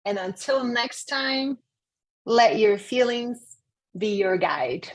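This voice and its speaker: A woman's voice: fairly high pitch, lively intonation, takes it slowly, rough recording. A woman host and love coach giving earnest, heartfelt advice in a casual chat.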